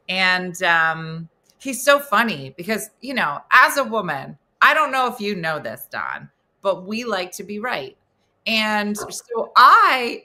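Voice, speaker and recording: A woman's voice: medium pitch, sharp tone. A woman hosting an interview, chatting casually and telling playful stories. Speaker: host.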